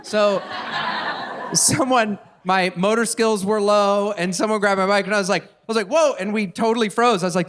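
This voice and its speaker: A man with a notably high voice co-hosts a live podcast on stage. He tells stories in an animated way, laughing and acting out the voices of the people in them. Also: moderate pace. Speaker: podcast co-host. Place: live stage in front of an audience.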